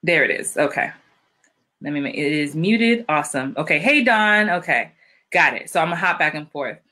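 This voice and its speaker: A woman's voice: deep voice, lively intonation, normal speed, sharp tone. A woman hosting a live-streamed interview as an acting coach, upbeat and chatty, greeting viewers by name.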